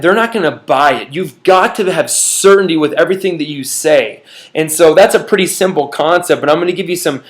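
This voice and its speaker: Emphatic young man coaching viewers. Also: a little high. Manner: earnest, emphatic, speaks straight to viewers. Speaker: business trainer. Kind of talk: motivational teaching talk.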